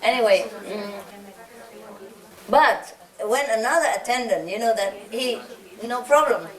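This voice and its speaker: A woman's voice: a little high, animated, a little slow. A woman telling casual stories to a gathering in a playful, fond way, often breaking into chuckles. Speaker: spiritual teacher speaking to a gathering. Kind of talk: casual anecdotal talk to an audience. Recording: roomy hall, distant mic, audience laughter. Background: audience laughter.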